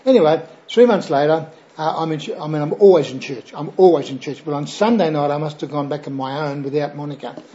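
A man's voice: a little high, fast talker, hardly any pauses, dark tone, dull audio. An older Australian man, a pastor, telling his personal testimony in a chatty, rambling way with frequent fillers and "right?" tags.

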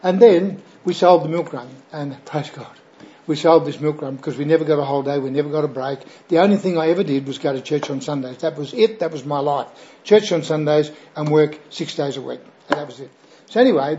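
A man's voice: fairly high pitch, quick pace, dark tone, highs cut off. An older Australian man, a pastor, telling his personal testimony in a chatty, rambling way with frequent fillers and "right?" tags.

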